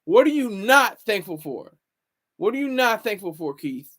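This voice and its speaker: A man's voice: high-pitched, very animated, normal speed, fairly bright tone. A man hosting a casual livestream, rambling and talking back to viewer comments. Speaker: livestream host.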